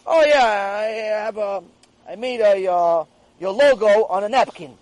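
A man's voice: high voice, unhurried, darkish tone, no echo. A man doing a lazy, stammering employee. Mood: sheepish. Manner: hesitant, stammering excuses. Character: lazy boastful male employee making excuses.

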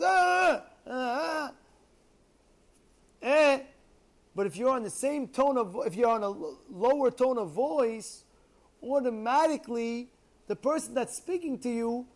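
Lively high-voiced man teaching Torah. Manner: reads Hebrew lines then translates, animated, swings from loud to soft. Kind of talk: Torah class explaining a text.

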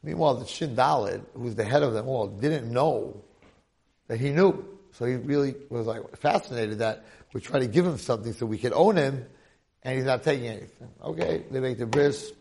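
Gravelly animated storyteller man. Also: medium pitch, normal speed. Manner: animated storyteller, talks to audience. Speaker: Torah teacher. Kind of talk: storytelling Torah class.

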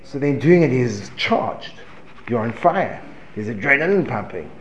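A man giving a lively Torah class, asking rhetorical questions, breaking off mid-phrase and chuckling as he teaches. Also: mid-range voice, unhurried, lo-fi sound, slight background noise. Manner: animated, rhetorical questions, self-interrupting and chuckling. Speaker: religious teacher. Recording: echoey room.

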